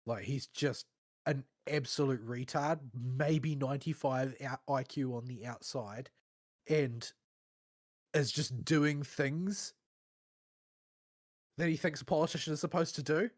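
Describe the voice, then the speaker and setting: A man's voice: mid-range voice, a little slow, pauses often, dry recording. Opinionated man with a dry close voice. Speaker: podcast co-host. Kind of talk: casual chat.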